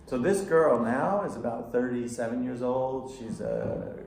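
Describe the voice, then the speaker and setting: A middle-aged psychotherapist talks to a room of parents in a gravelly, creaky voice. He tells stories with animation and acts out the quotes. The room is echoey, with a faint hum of ambience. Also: medium pitch, a little slow. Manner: anecdotal, animated storytelling with acted-out quotes and laughter. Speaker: psychotherapist leading a parent workshop. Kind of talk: casual workshop talk to parents. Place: school room with audience.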